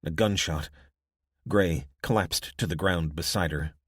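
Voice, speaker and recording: A man reads an audiobook in a very low, steady voice. His telling is even and measured. The sound is dry and close with no room around it. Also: breathy edge, dry recording. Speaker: audiobook narrator. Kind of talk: scripted narration.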